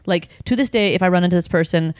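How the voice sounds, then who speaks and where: A woman guest telling a story in casual chat, animated and swearing freely. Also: fairly low pitch, fast, smooth, dry recording, studio quality. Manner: animated, swears freely, acts out her own quoted outbursts. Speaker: podcast guest.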